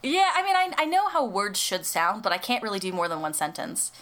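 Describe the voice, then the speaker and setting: A woman's voice: medium pitch, sing-song, fairly quick, a bit bright. Giggly American woman chatting. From United States. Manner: chatty, giggly, lots of fillers and restarts. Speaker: co-host. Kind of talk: casual podcast chat.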